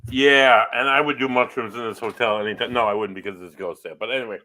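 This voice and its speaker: A man co-hosting a podcast, describing a historic inn in a halting, informative way. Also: mid-range voice, steady tone, sharp tone, low-quality recording. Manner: halting, filler-heavy, informative. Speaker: podcast co-host. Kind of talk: casual chat.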